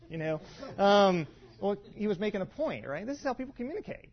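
Male pastor, higher voice, rambling teaching style with asides, muffled recording. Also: big pitch swings, brisk. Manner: conversational, many fillers and restarts, rhetorical asides. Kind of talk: teaching talk to a congregation. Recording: dull lo-fi sound.

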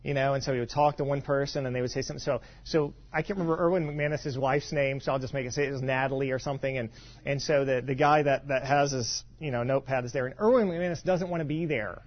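A man from western Kentucky gives a sermon in an easy, chatty way, circling back with repeated words and little asides. His pitch is mid-range, and the recording sounds slightly dull and muffled. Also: steady tone, fast talker. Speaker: pastor.

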